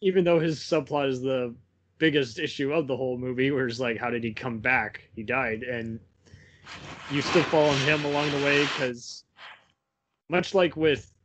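A man's voice: medium pitch, steady tone, moderate pace, background noise. Chatty man laughing through movie talk. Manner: rambling, laughs often between points. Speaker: podcast co-host. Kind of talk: casual film chat.

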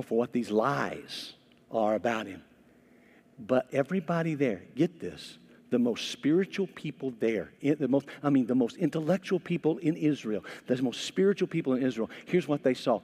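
A middle-aged man preaching a sermon as pastor, talking conversationally with many repeated words and bursts of animated emphasis. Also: medium pitch. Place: church. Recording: long hall reverb.

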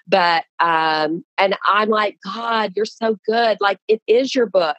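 A woman's voice: medium pitch, takes it slowly, dry recording, highs cut off. A woman guest speaking casually and earnestly about writing and releasing her book, with frequent restarts. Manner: earnest, animated, many restarts. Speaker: author and guest. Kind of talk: casual conversational storytelling.

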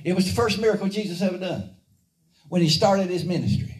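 A man's voice: sits high, expressive, fairly quick, a little mellow. A man preaching a fervent, rhythmic call-and-response sermon to his congregation. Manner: fervent, rhythmic, drives the congregation to repeat after him. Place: church service. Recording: echoey church audio from a distance.

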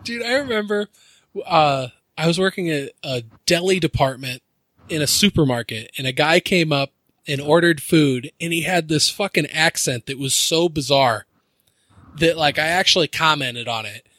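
A man's voice: fairly high pitch, moderate pace, bright, forceful tone, no echo. A man hosting a podcast in casual chat, swearing a lot, laughing often and slipping into mock voices. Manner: profane, giggly, slips into mock voices. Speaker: podcast host.

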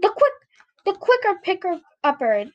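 A pet bird in a read-aloud storybook, squawking out catchphrases it picked up from television ads. A woman voices it, pitched high and bright. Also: big pitch swings, normal speed, highs cut off. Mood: chirpy. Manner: parroting catchphrases.

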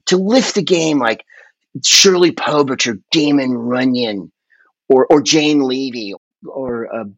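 A podcast guest in casual chat, he rambles from one story to the next with animated, profane energy. His voice sits at an ordinary middle pitch. The recording is dry and a little dull and lo-fi. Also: slow, no room sound.

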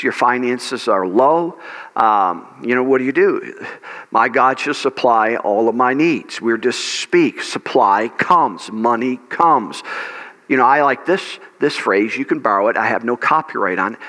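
A man's voice: medium pitch, fairly bright tone, in a large hall. A male pastor preaching a sermon, emphatic, repeating key words and putting questions to his congregation. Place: church sanctuary.

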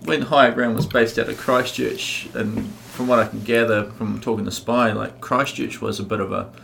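Gravelly low-voiced New man. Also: steady tone, moderate pace, fairly bright tone, a little hiss or hum. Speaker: podcast host. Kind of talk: casual podcast chat.

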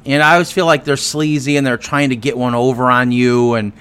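A man's voice: mid-range voice, flat delivery, fairly quick, fairly bright tone, clean tone. A man co-hosting a podcast, chatting casually, hesitant and starting over often. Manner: hesitant, many fillers and restarts. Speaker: podcast co-host. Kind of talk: casual chat.

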